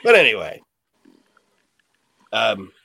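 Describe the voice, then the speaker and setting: A man's voice: fairly low pitch, wildly swooping pitch, takes it slowly, creaky, sharp tone, husky, dry recording. Blunt, casually swearing podcast host, a man. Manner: blunt, swears casually, laughs at his own stories. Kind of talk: casual chat.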